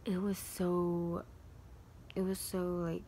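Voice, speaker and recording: Rambling young woman vlogger, low voice. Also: little pitch movement, slow, a little hiss or hum. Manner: rambling, heavy use of "like" fillers; drops into soft whispers at times. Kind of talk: casual storytime chat.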